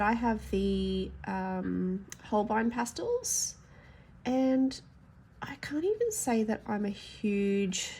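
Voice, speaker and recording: She's a woman with a medium-pitched, slightly mellow voice, and a faint hiss or hum can be heard. Stuffy and nasal from hay fever, this adult colouring YouTuber swatches pencils for a casual vlog, chatting frankly and thinking aloud as she goes.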